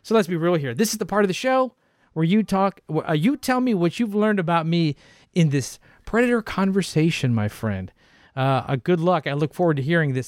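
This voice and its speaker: A man's voice: fairly high pitch, expressive, fairly quick, dry recording, clean studio sound, soft background music. Playful man hosting a podcast. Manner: loud, playful, teasing. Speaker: podcast host. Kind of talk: casual chat.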